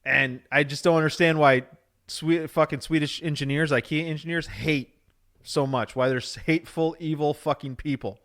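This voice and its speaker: Male podcast co-host, slightly high voice, crude and rambling jokes. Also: moderate pace, a bit bright. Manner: profane, rambling, jokey rants. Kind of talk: casual chat.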